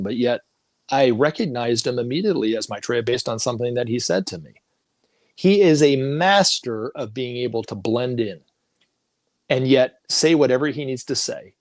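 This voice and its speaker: In a clean studio recording with no room sound, a mid-range male voice belongs to a middle-aged talk show guest. He tells a rambling personal story, restarting often and acting out others' words.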